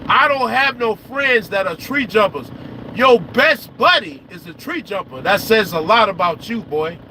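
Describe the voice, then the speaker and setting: A man who vlogs about trucking, talking casually and profanely to his viewers, animated and repeating lines for emphasis. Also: high voice, unhurried. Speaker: trucker vlogger. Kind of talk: casual outdoor talk to viewers. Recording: noisy outdoor recording.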